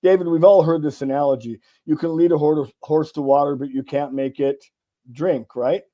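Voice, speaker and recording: A middle-aged man from California, a sales author and guest, telling lively stories in a casual interview and acting out the dialogue. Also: a little high, normal speed, dull audio. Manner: animated storyteller acting out dialogue, casual swearing. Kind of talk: conversational interview storytelling.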